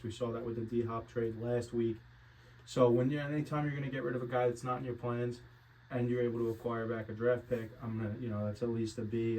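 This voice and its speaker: A man's voice: mid-range voice, distant mic, slight background noise, rough recording. A man hosting a casual sports betting podcast, loose and mumbly as he talks through the picks. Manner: loud hyped intro, then relaxed mumbling talk. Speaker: podcast host.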